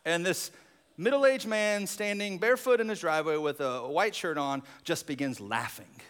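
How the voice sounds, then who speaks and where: A man preaching a sermon as pastor, telling a story with animated, expressive delivery and dropping into hushed reflective moments. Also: on the high side, normal speed, clean tone, in a large hall.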